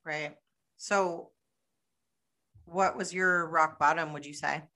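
A woman's voice: deep voice, fairly even intonation, slow pace, bright, forceful tone. A woman hosting a podcast, asking brief, prompting questions. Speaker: podcast host. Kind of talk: interview questions.

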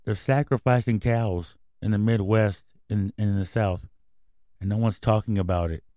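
A man's voice: lowish voice, steady tone, moderate pace, mellow, dry recording, studio quality. A man hosting a comedy radio show, ranting in a profane, rambling, conspiratorial way. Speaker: host. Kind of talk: casual radio rant.

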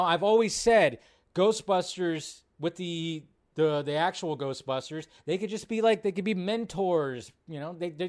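Brief: higher-voiced male host, chatty and animated, swears freely while riffing on film news. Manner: animated, profane, excitable. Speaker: movie news show host. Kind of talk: casual live-stream commentary.

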